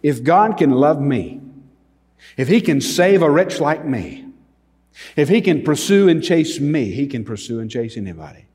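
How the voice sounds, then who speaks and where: A man preaching a sermon as pastor, slow and emphatic, pausing often and swelling in volume on key words. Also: a little high, big pitch swings, a little mellow, husky. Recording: long hall reverb.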